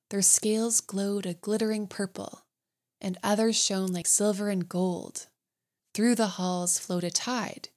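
A woman reading a bedtime fairy tale aloud, gentle and soothing. Her voice sits at a medium pitch and moves at an unhurried storyteller's pace. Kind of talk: calm bedtime story narration.

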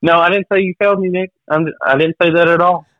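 A man's voice: high-pitched, fairly even intonation, fast talker, dry recording, lo-fi sound. A salesman in casual chat who stumbles and repeats his words as he talks to his trainer.

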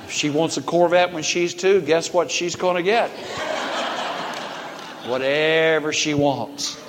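A man's voice: fairly high pitch, fairly even intonation, slow, crowd noise, background noise. An older man with a Southern American accent, preaching as a visiting Baptist minister, folksy and joking with emphatic bursts. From Southern United States. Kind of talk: sermon with humorous asides. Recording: echoey church hall.

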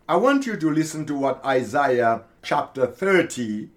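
A man preaching slowly and emphatically on a podcast, repeating key phrases for weight. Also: a little high, animated. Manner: slow, emphatic preaching with repetition. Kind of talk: podcast sermon.

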